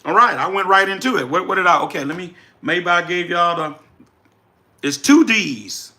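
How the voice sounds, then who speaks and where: Southern louisiana guy doing a livestream, high bright voice, keeps repeating stuff hyped up. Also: fast. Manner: energetic, reads chat names aloud, preacherly repetition. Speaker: livestream host, business coach. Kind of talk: casual livestream chat.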